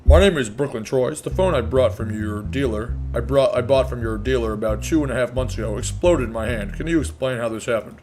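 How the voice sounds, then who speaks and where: A man's voice: fairly quick, hardly any pauses, lightly acted. A man reading an aggrieved male plaintiff. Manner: plain, lower and subdued reading.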